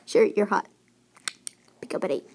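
A woman voicing a laid-back male stranger who speaks low and casually. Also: moderate pace, darkish tone, close to an everyday voice. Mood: cool. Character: smooth flirty male stranger.

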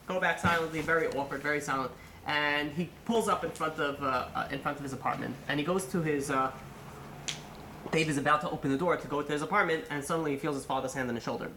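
A man, a rabbi, telling a long story in a sermon, animated and full of fillers, acting out the people in it. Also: a little high, quick pace, roomy sound, background noise. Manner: animated, acts out quotes, many fillers.

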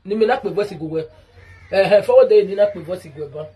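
Speaking fast and animatedly, this Nigerian woman vlogger confronts a rival head-on in a direct-to-camera rant that circles back on its grievances again and again. Her voice is medium in pitch, dark in tone, and slightly rough.

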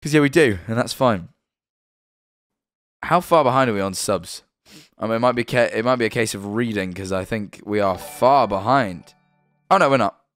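A man's voice: fairly low pitch, moderate pace, pauses often, no room sound, soft background music. A British man hosting a livestream, chatting casually, swearing now and then and reading out subscriber names. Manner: chatty and animated, swears, stumbles over names. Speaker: livestream host.

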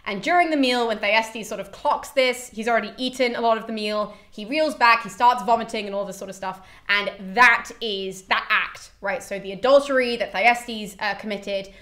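A chatty young woman summarizes a story in a casual, lively way. Her voice sits a little on the high side, and she drops in quick voices for the characters. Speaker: host.

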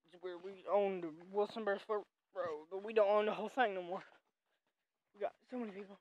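Excitable Southern woman rambling outdoors. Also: mid-range voice, brisk, lo-fi sound. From North Carolina, USA. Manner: excitable, rambling, shouts playfully at animals. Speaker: vlogger. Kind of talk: casual walking vlog. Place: outdoors on a family farm.

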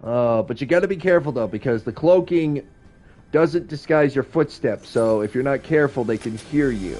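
A man's voice: mid-range voice, normal speed, a little mellow. A man giving casual let's-play commentary on his game from his home setup, chatty and self-deprecating, his voice sounding slightly stuffy. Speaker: gaming YouTuber. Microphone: streaming from a game console.

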